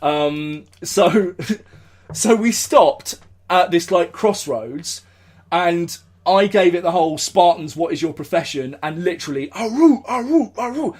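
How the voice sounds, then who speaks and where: English male podcast host, high voice, rambling, sweary, breaks into mock-epic shouts. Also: a little slow. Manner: rambling storyteller, swearing, bursts into shouted speeches. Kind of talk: casual live podcast chat. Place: indoors, recording live.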